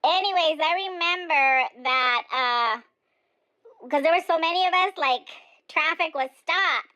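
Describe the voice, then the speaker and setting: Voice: very high voice, a little slow, sharp tone, full character voice, rough recording. A performer voicing an outspoken, chatty older woman, rambling through her opinions with plenty of fillers. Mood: opinionated. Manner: chatty, digressive, many fillers. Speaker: comedic character monologue.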